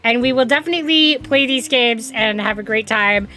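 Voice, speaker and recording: A woman's voice: on the high side, normal speed, bright, forceful tone. A woman game streamer in casual live-stream chat, giggling often and stammering when flustered.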